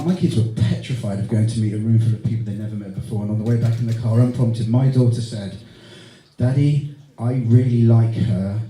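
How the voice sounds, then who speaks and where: A middle-aged man giving a teasing, heartfelt best man speech at a wedding reception. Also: medium pitch. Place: wedding reception hall with guests. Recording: echoey hall from far off, crowd.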